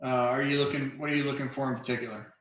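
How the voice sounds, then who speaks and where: A man's voice: medium pitch, steady tone, racing. Game master man in a roomy, dull recording. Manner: hesitant, lots of uh and um. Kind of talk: running a tabletop game over voice chat.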